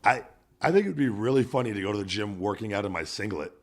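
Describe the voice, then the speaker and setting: A man's voice: lowish voice, quick pace. Profane man telling gym stories. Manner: profane, animated storytelling. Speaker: podcast host. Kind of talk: casual podcast chat.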